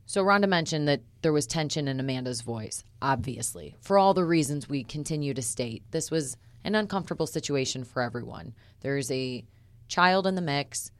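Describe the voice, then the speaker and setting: A female reporter co-hosts a true-crime podcast with a low, steady voice. She walks through facts in a measured, methodical way. The recording is close and dry, with no room sound. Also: no echo. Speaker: reporter and co-host.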